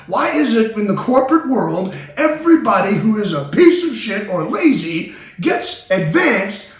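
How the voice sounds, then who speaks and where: A man hosting a comedy talk show, ranting loudly and cursing, then turning sentimental. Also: sits high. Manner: loud, excitable, cursing, swings between ranting and sentimental. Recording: echoey room, distant mic.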